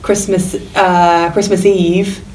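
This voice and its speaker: A woman's voice: flat delivery, slow, darkish tone. A woman guest talking casually about a classic novel, chatty and jokey, with many fillers. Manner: chatty, jokey, acts out characters in high voices. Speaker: guest teacher. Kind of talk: casual literature discussion. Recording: distant mic with faint noise.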